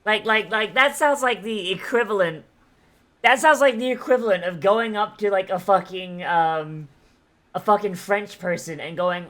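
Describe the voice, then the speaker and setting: A young adult woman streaming a game, chatting casually, swearing and bursting into excited shouts. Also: mid-range voice, normal speed. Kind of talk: casual live-stream commentary.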